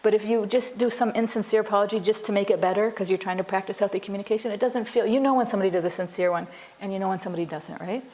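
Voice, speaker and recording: Woman psychologist, conversational class lecturer, earnest, even middle pitch. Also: very fast, hardly any pauses, rough recording. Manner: earnest, explains with acted example dialogues; frequent "you know" and restarts.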